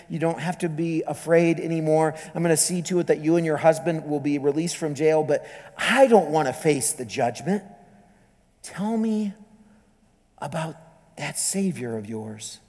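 A man voicing a male interrogator who sneaks in secretly, speaking in a hushed, halting near-whisper. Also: on the high side. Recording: long hall reverb.

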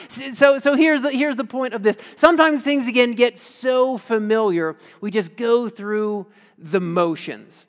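A man preaching a sermon as pastor, casual and animated, telling stories with lots of fillers. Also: very high-pitched, measured pace. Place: church sanctuary. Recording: long reverb of a church hall.

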